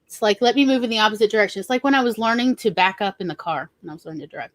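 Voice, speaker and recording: A woman's voice: medium pitch, very fast, dry recording. A woman with a Southern US accent hosting a casual livestream chat, rambling and laughing easily. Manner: chatty, rambling, laughs often. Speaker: host.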